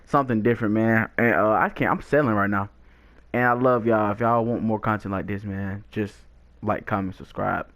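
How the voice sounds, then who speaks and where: A young man telling a lively, slangy storytime with frequent laughs, chatting while he plays a video game. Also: fairly low pitch, normal speed. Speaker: gaming YouTuber.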